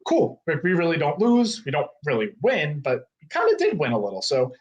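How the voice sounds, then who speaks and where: A man in his thirties with a slightly raised pitch, telling a story in a relaxed, animated way. He peppers his talk with "like" and casual swearing, as a guest chatting on a talk show. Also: fairly quick, dull audio. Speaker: guest, co-owner of a fight-gear retailer.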